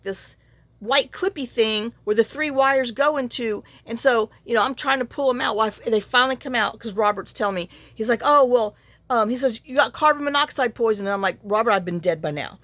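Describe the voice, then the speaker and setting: A middle-aged woman, telling a rambling, animated story in a casual vlog, acting out the quoted lines. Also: fairly high pitch, no echo. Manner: chatty, animated retelling with acted-out quotes and fillers. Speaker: journaling channel host.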